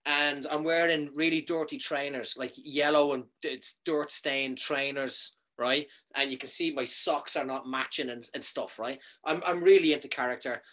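A man casually telling a comic anecdote, animated, swearing freely and often checking in with "right?". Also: on the high side.

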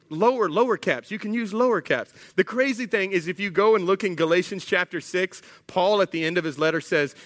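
A man's voice: high-pitched, moderate pace. A man preaching a sermon as pastor, telling stories with humorous asides. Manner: animated storytelling, humorous asides. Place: church sanctuary. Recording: echoey church hall.

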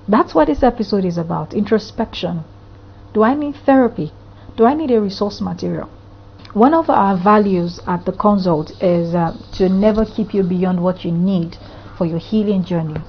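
Husky woman therapist asking probing questions. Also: medium pitch, moderate pace, lo-fi sound. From Africa. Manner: earnest, piles up rhetorical questions. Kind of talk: podcast monologue.

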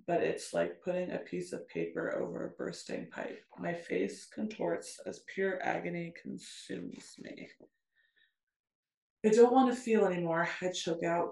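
A woman co-hosting a podcast, reading intense passages of a novel aloud at a steady pace and breaking off for quick asides. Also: on the low side, creaky, reverberant. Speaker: podcast co-host.

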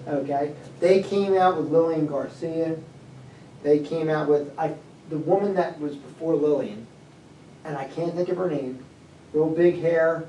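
A man's voice: fairly high pitch, unhurried, mellow, highs cut off. Rambling man, echoey and off-mic. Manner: rambling, trails off searching for names. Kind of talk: casual chat. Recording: echoey room, far from mic, faint noise.

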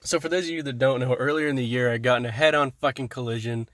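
A man's voice: mid-range voice, steady tone, fast, a bit bright, no room sound. A young man co-hosting a podcast, telling a crude story and joking casually. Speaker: podcast co-host. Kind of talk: casual chat. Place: car.

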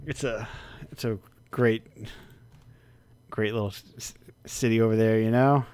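A man's voice: lowish voice, steady tone, darkish tone, clear, resonant tone. A man chatting casually on a podcast, rambling with restarts and frequent laughter. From United States. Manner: rambling, halting, often laughing. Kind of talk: casual chat.

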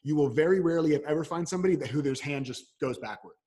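Very fast and with a breathy edge to his rather high voice, a coach guesting on a podcast fields interview questions. It's a casual chat in which he spins animated stories, acting out the voices in brief back-and-forths.

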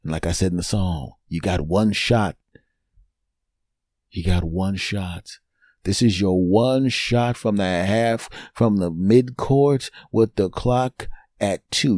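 A man's voice: dry recording, studio quality. A man hosting a podcast, talking casually to the listener and coaching him through a story. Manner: talks the listener through a story, then plays the cheater's apology low and soft; coaching, uses sports metaphors. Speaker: podcast host. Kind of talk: casual monologue.

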